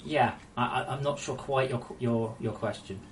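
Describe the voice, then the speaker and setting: A woman's voice: rumbling low, a little mellow, a little hiss or hum. A woman game developer on a casual live stream, reading viewer messages aloud and ranting with lots of swearing. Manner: profane, ranting, quick to anger.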